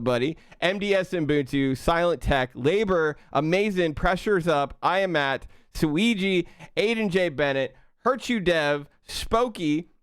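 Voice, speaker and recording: An excitable young man hosting a live stream, a bit out of breath and stumbling over his words. His voice sits a little high and swings widely. It is smooth and clear, recorded dry and close. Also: no room sound. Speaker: livestream host. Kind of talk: live-stream chat, thanking viewers.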